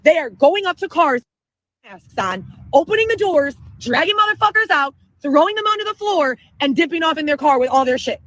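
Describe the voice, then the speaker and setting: A woman telling a long profane story in an excitable livestream rant. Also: high voice, a little fast, no echo, low-quality recording. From Chicago area, Illinois. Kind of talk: ranting livestream monologue.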